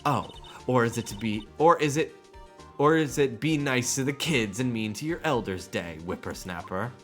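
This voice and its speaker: A man's voice: mid-range voice, expressive, normal speed, faint music behind, natural voice. A man voicing a cranky elderly female security guard from a video game, scolding and indignant. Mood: crotchety. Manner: scolding, indignant, calls people whippersnapper.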